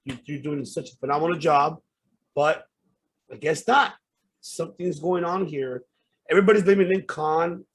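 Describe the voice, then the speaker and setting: A man's voice: on the high side, moderate pace, breathy edge. A man hosting a podcast, ranting with heated, profane outbursts. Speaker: podcast host. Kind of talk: casual podcast rant.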